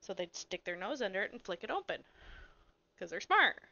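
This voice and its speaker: A woman's voice: mid-range voice, a little fast, vocal fry, no echo, highs cut off. A woman co-hosting a podcast, telling a story in casual chat, blunt and swearing freely. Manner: animated storyteller. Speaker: podcast co-host.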